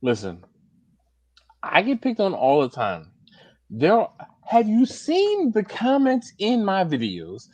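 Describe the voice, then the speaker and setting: A man hosting a casual barbecue livestream, animated and laughing often, reading comments aloud and breaking into high put-on voices. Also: slow, pauses often, dry recording. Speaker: livestream host. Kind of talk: casual live-stream chat.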